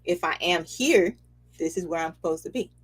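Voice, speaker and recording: A woman giving a casual, animated spiritual reading, chatty and quick to laugh, checking in with "okay?" often. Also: lowish voice, slightly rough. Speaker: spiritual reader and host.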